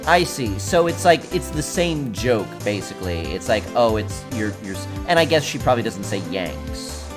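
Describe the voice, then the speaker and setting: A man chatting casually while playing a game on stream, musing in a relaxed, halting way. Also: medium pitch, music in the background.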